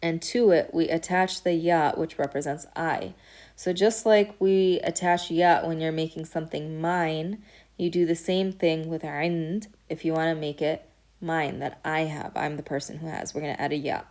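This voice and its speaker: A woman's voice: deep voice, steady tone, normal speed, darkish tone. A woman teaching a recorded beginner Arabic lesson, explaining patiently step by step and saying each word aloud as an example. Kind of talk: recorded lecture.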